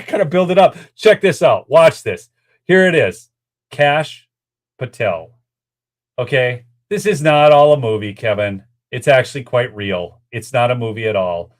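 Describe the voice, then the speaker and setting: A man's voice: medium pitch, animated, unhurried. A man hosting a political commentary show, talking straight to his viewers in a worked-up, exasperated way between clips. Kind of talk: ranting commentary over clips.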